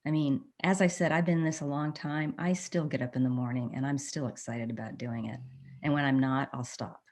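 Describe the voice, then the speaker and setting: A woman editorial cartoonist speaking on a panel, animated and quick to laugh. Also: a bass voice. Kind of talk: panel discussion.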